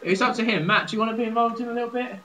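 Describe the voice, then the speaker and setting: A young man from southern England co-hosting a radio show, teasing and quick to laugh. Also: extremely high pitch, crowd noise. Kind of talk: casual chat. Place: student radio studio.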